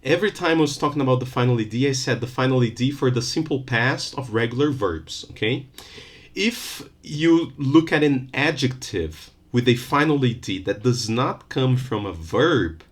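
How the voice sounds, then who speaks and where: A man giving a recorded university phonetics lesson, Portuguese his first language, repeating sounds and examples deliberately. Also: mid-range voice, expressive. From Brazil. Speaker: university lecturer.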